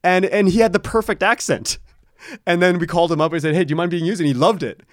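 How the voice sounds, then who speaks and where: A man's voice: high-pitched, fast, dry recording, studio quality. A man being interviewed about his audio drama, talking casually in long rambling stretches with frequent restarts and laughs. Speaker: podcast creator, interview guest.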